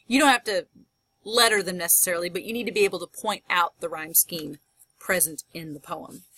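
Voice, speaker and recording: A young woman teaching a college English lecture on poetry, enthusiastic and animated, often laughing. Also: on the low side, brisk. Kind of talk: recorded lecture.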